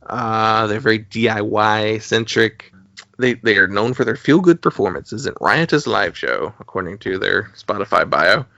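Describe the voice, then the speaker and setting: A man's voice: lowish voice, lively intonation, normal speed, vocal fry, pushed and bright, no room sound. Chatty man rambling about records. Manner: rambling, with many fillers and laughs. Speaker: podcast co-host. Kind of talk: casual chat about albums. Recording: dull, slightly lo-fi dry recording.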